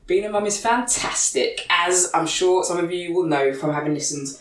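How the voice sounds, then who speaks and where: A woman's voice: on the low side, normal speed, roomy sound, far from the mic. A woman hosting a casual podcast chat in her kitchen, playful and laughing often. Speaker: podcast host. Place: home kitchen.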